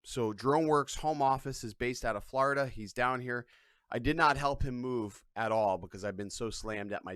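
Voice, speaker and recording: A man's voice: fairly low pitch, fairly bright tone, no room sound. Man, live-stream host, casual chat with viewers, profane, irreverent, rambling, dry sound. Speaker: livestream host. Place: on a couch at home.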